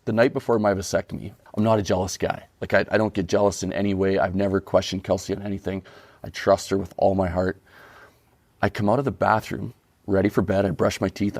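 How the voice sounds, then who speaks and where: A man from Saskatchewan, a podcast guest telling a comic story in an animated, self-deprecating way. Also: lowish voice, no room sound. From Canada (Saskatchewan).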